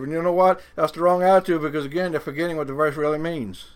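A man preaching a sermon in a folksy way, slowing down with dramatic pauses to stress the verses he reads and mocking doubters in a put-on voice. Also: a little high, steady tone, smooth.

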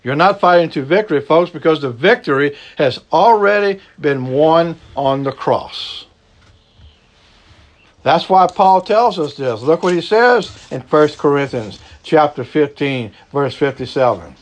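A Cajun man from the American South preaches with a lively, swooping voice that climbs high on each push and sinks low and hushed to land a point. He speaks slowly and deliberately and keeps circling back to his key phrases. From Southern United States. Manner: emphatic preaching, repeats key phrases, drops to a low slow hush for stress. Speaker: pastor. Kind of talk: sermon.

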